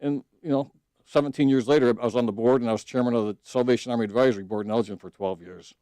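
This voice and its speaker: A man's voice: mid-range voice, fairly even intonation, quick pace, warm tone, clear, resonant tone, dry recording. Earnest middle-aged man, judicial candidate on radio. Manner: earnest storytelling, frequent restarts and fillers. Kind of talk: casual radio interview. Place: radio studio.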